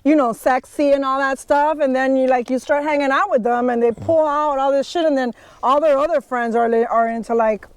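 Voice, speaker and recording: Blunt, chatty young woman, slightly high voice. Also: steady tone, fairly quick, hardly any pauses. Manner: blunt, chatty, swears freely. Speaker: podcast guest. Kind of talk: casual chat. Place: outdoors on a trail.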